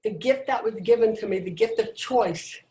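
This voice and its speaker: A middle-aged woman giving a personal motivational talk, emphatic and dramatic, with deliberate pauses, over a video call. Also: mid-range voice, warm tone. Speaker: motivational speaker. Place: indoors, at home on a video call. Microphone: video call microphone. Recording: roomy echo.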